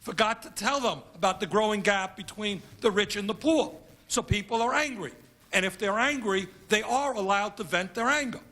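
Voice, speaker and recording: A man's voice: high voice, normal speed, pushed and bright. A congressman giving an emphatic speech at a conference, building his points through repeated phrases.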